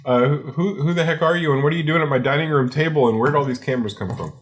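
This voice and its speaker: A man's voice: a little high, quick pace. A man bantering with dry jokes at a tabletop game table. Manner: dry joking.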